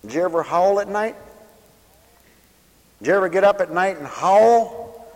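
A high-pitched man delivers a radio sermon, his voice surging into fervent, loud reading of scripture before falling quiet and plain for personal stories. A long reverb from a large hall trails every phrase. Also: expressive, measured pace. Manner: impassioned preaching, swelling loud on scripture and dropping to quiet storytelling. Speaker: preacher.

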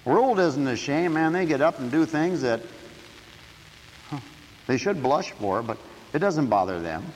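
A man preaching a sermon emphatically, dropping to quiet asides and rising to shouts. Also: a little high, expressive, unhurried, a little hiss or hum. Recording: echoey hall.

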